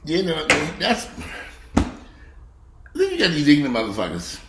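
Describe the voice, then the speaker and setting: A man in a profane, angry rant. He curses bluntly and mocks people, swinging between low grumbling and loud outbursts. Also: wildly swooping pitch, unhurried, background noise. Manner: blunt, heavy cursing, mocking. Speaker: video blogger. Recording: echoey room.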